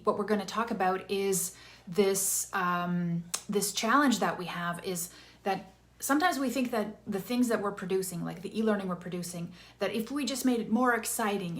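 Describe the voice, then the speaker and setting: A woman in her thirties, an interactive storytelling coach, giving an upbeat, chatty live-streamed talk from a room with some echo. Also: mid-range voice. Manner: upbeat, chatty, energetic with bursts of enthusiasm.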